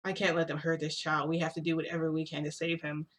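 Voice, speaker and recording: A woman's voice: low-pitched, little pitch movement, fast talker, slight background noise, close to an everyday voice. A woman voicing a distraught young man who pleads insistently and repeats himself. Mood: pleading.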